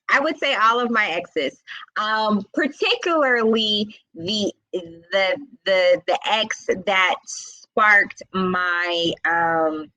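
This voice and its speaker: A woman's voice: medium pitch, very slow, pushed and bright, no room sound, low-quality recording. A woman hosting a live wellness session, speaking in a casual, reflective way with many fillers and asides to her viewers. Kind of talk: casual live-stream talk.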